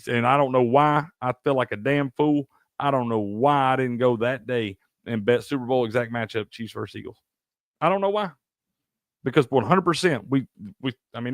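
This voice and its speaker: A man's voice: mid-range voice, no room sound, studio quality. A man from Tennessee, hosting a live sports stream, ranting heatedly and profanely while answering chat. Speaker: sports show host.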